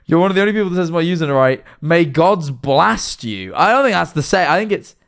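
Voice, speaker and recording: A man's voice: a little high, expressive, fast talker, creaky, fairly bright tone. Rambling man streaming ghost videos. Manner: rambling, filler-heavy, swings from worked-up to sheepish. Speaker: livestreamer reacting to videos. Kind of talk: casual live-stream commentary.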